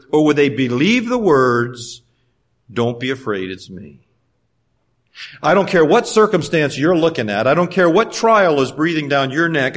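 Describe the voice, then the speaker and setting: A man delivers a sermon from the pulpit in a voice sitting a bit above the usual male range. He swings between raised, animated passages and hushed, drawn-out lines. He acts out the quoted voices as he goes. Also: a little high. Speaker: preacher.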